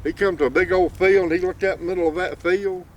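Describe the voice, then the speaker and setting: A man tells a folk tale in a folksy drawl. His voice is fairly high for a man and sits back from the mic. Faint outdoor noise runs underneath. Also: steady tone, fast talker, recorded from a distance. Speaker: storyteller.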